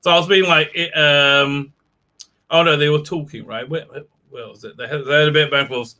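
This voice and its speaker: A man's voice: a little high, steady tone, brisk, bright, forceful tone. A man hosting a casual live stream, talking in a rambling, sardonic way with many restarts.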